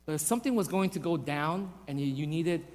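A man preaching a sermon to his church, asking rhetorical questions and acting out little stories with lively voices. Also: on the high side, brisk. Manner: animated, acts out voices in anecdotes, rhetorical questions. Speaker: pastor. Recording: long hall reverb.

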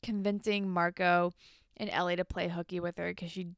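A woman's voice: on the low side, flat delivery, moderate pace, gravelly, smooth, no room sound, clean studio sound. A young woman co-hosting a podcast, chatting casually and acting out characters' lines. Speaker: podcast co-host. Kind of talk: casual recap chat. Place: New York.

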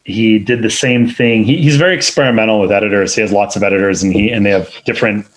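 This film editor, a father of two young children, speaks quickly in a fairly low, steady voice. The recording is low quality, and his casual interview answers wander, full of filler words and false starts.

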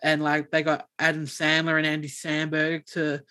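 A man's voice: a little high, monotone, moderate pace, crowd noise. A man with a slightly raised voice chats casually as a podcast co-host. He rambles loosely, swears freely and laughs often. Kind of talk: casual chat.

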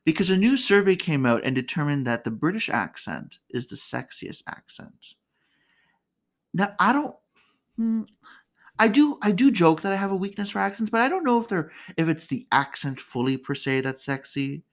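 A woman's voice: on the low side, very animated, moderate pace. A woman hosting a casual comedic commentary, chatty and candid, laughing often. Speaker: podcast host.

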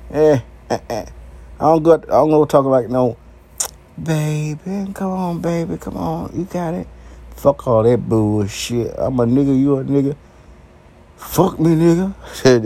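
A man delivering a raw, uncensored monologue to his viewers, brash, profane and animated, breaking into laughter. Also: medium pitch, normal speed. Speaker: vlogger.

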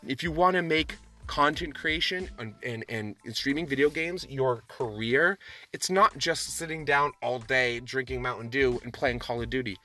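A man's voice: medium pitch, pushed and bright, faint music behind. A man hosting a solo podcast, talking with passion and emphasis, often restarting his sentences. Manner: passionate, emphatic, talks fast with many restarts. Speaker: podcast host.

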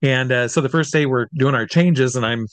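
A man who works as a drag comedy entertainer tells backstage stories in a casual, chatty style, full of fillers and restarts. His voice is medium-pitched and moderately paced, with no echo.

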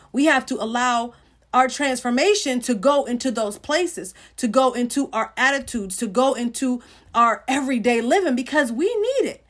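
A middle-aged woman giving an informal sermon on a livestream, talking earnestly and conversationally to viewers and greeting them by name. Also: on the high side. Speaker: Christian livestream host.

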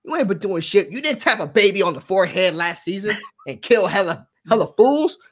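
A man's voice: sits high, big pitch swings, a little fast, a bit bright. A man co-hosting a casual aftershow podcast, ranting profanely and acting out quotes. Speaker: aftershow co-host.

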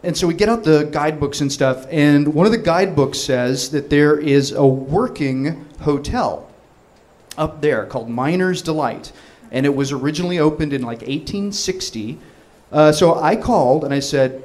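A man in his thirties telling a long comic story, rambling and excitable, laughing through his words with many restarts. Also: fairly high pitch, normal speed.

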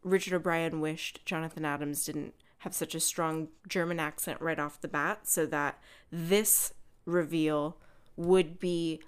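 Woman podcast co-host, low voice, unhurried film chat, acts out scene quotes. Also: steady tone, clean tone. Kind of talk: casual chat about a film.

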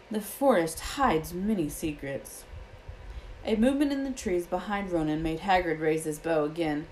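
A woman reading a novel aloud as an audiobook, expressive and switching between character voices. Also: low-pitched, a little hiss or hum, rough recording. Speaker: reader.

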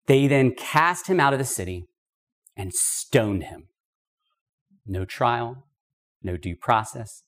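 A man teaching a podcast Bible study in an emphatic, conversational way, with casual asides. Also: medium pitch. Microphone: podcast microphone.

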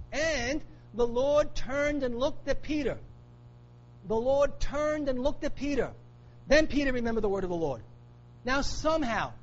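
A man's voice: very high-pitched, highs cut off, a little hiss or hum. A man preaching a sermon, emphatic, repeating key phrases for weight. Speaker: pastor.

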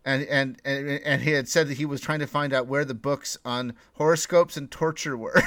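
Man, fairly high voice, dry close sound, rambling podcast talk, many restarts. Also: fast talker, few pauses, fairly bright tone, no echo. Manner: rambling, many restarts, laughs while talking. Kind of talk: casual podcast discussion.

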